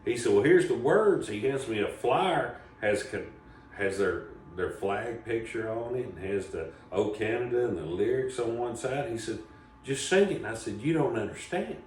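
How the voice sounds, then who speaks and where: A man's voice: mid-range voice, animated, normal speed. A man, hosting a comedy show and telling a rambling, folksy story. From Southern Appalachia, US. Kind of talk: casual storytelling. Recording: echoey room, voice from a distance, faint background noise.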